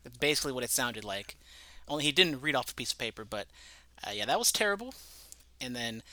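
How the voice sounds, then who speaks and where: A man's voice: mid-range voice, animated, quick pace, bright, forceful tone, dry recording. A man co-hosting a casual sports podcast, rambling and profane as he breaks down a scandal. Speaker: podcast co-host.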